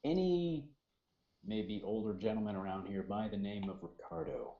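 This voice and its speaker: A man's voice: on the low side, normal speed, warm tone, dull audio, slight background noise. A man playing a tabletop game, speaking wryly and with a hint of menace in character. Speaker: player.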